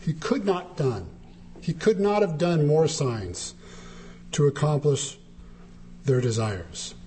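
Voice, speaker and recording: A man's voice: slow, slight background noise. A man preaching a sermon, emphatic and dramatic, with big swings of voice when he quotes. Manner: animated, emphatic, dramatic shifts in pitch when quoting.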